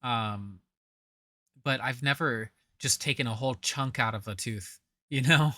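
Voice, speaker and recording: A bright, forceful voice delivers sarcastic reaction commentary, blunt and mocking with casual swearing. The sound is close and dry, with no room around it. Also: mid-range voice, measured pace, no room sound.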